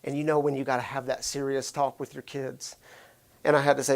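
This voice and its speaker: A man's voice: medium pitch, flat delivery, brisk, vocal fry. Give me a pastor in his thirties preaching conversationally, a man who asks his listeners questions. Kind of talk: sermon with personal storytelling.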